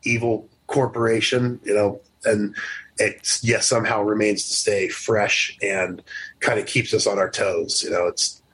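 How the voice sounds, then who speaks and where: A man's voice: fairly low pitch, little pitch movement, a little slow, fairly bright tone, husky, poor audio. A man co-hosting a podcast in casual chat. He rambles, restarts often, and laughs easily. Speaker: podcast co-host.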